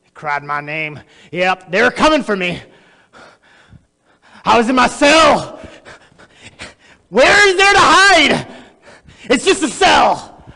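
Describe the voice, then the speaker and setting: A man's voice: extremely high pitch, big pitch swings, slow pace, vocal fry, pauses often, sharp tone, full character voice. A man acting a notorious, boastful male criminal in a theatrical monologue, addressing the audience directly. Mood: agitated. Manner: boastful, erratic, talks straight to the audience. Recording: long echoey hall reverb.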